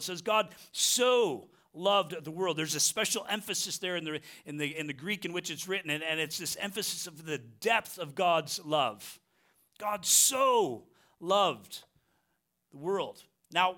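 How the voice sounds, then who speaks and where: A pastor delivering a sermon in an earnest, conversational way, checking in with the congregation as he goes. His voice is bright and sits a little high for a man. He slows right down to press on the phrases that matter most.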